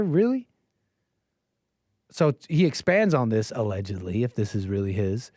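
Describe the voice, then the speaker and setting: A man's voice: mid-range voice, expressive, normal speed, darkish tone, no echo, studio quality. A man hosting a call-in show, giving casual, mocking, incredulous commentary as he reacts to text he reads aloud. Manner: incredulous and mocking, with frequent chuckles.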